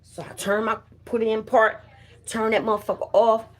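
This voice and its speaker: A woman's voice: fairly high pitch, flat delivery, moderate pace. A middle-aged woman chatting casually and profanely on her livestream, greeting viewers by name and telling a story. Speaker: livestream host.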